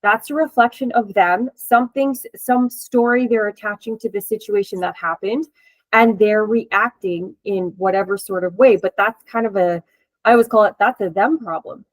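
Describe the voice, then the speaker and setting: A woman's voice: mid-range voice, moderate pace, no room sound, poor audio. A woman hosting an interview and chatting casually as a coach, with a chatty, laughing manner and many fillers. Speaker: host and coach.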